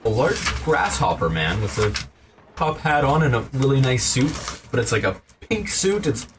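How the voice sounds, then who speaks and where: Male game master, lively pitch, relaxed rambling narration, recorded from a distance. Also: normal speed. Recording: distant mic, noisy room.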